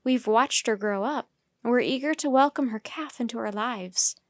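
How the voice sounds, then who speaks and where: A woman's voice: a little high, normal speed, no echo, clean studio sound, close to an everyday voice. A woman voicing an earnest man who works at a rhino reserve, speaking with care.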